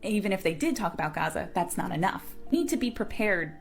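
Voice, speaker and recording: A woman's voice: fairly low pitch, sing-song, fast talker, vocal fry. Pointed woman arguing over faint music. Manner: argumentative, pointed. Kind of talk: video essay narration.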